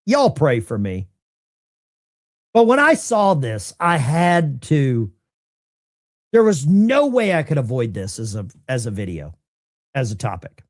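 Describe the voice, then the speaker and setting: A man hosting live political commentary, incredulous and animated, talking straight to his chat. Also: mid-range voice, measured pace, long pauses.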